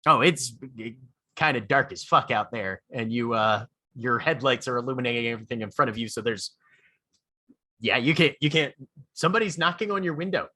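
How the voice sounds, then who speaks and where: A man's voice: medium pitch, animated, brisk, pushed and bright, dry recording. A man narrating as game master for a tabletop game, loose and profane, often laughing.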